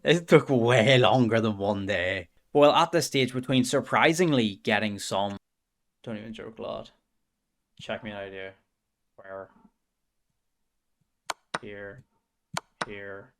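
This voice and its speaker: A young man with a lowish voice streams casually, speaking slowly with frequent pauses. Between voice-over lines he banters with his chat, swears, and mutters to himself.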